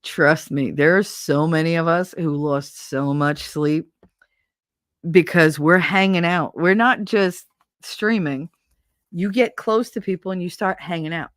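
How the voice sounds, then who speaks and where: A woman's voice: fairly low pitch, unhurried, no echo, studio quality. Laughing, rambling Jersey woman streamer. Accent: New Jersey. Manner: rambling, laughing, swearing, self-mocking. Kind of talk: casual solo chat.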